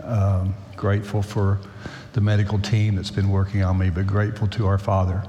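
An older man, a pastor, addresses his congregation in a slightly low voice, easing into a sermon with plenty of fillers and restarts. His words ring out through a big, echoey church hall. A faint murmur of room ambience sits underneath. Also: monotone, dark tone, slight background noise. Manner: halting, conversational, with frequent fillers and restarts. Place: large church sanctuary. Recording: roomy church hall echo.

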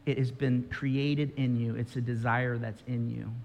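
A man's voice: mid-range voice, little pitch movement, unhurried, gravelly, darkish tone. A male pastor preaching a sermon, telling a story with drama and speaking directly to his listeners. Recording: reverberant hall.

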